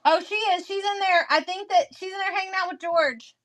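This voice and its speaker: A woman hosting a casual live-selling stream, chatty and quick to laugh while she talks about items. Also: very high voice, a bit bright. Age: adult, mother of a teen. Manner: giggly, chatty, laughs often.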